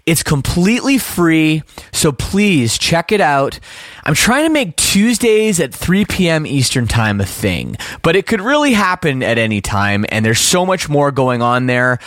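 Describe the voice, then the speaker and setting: A man's voice: on the high side, very animated, a little slow, fairly bright tone, dry recording. A young man with a Canadian accent, hosting a podcast in casual chat, upbeat and chatty while he plugs his channels. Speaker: podcast host.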